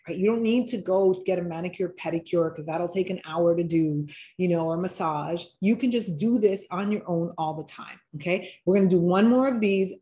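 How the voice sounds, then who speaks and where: A woman's voice: mid-range voice, dark tone. A woman hosting a live online wellness workshop, talking viewers through simple relaxation exercises in a chatty, encouraging way. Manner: chatty, encouraging, slows down to guide steps.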